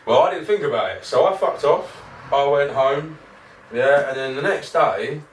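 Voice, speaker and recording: Speaking at a normal speed with a mid-range voice, a man co-hosting a podcast rambles through profane anecdotes and laughs frequently in relaxed chat. A distant microphone gives the audio a roomy feel, with slight background noise.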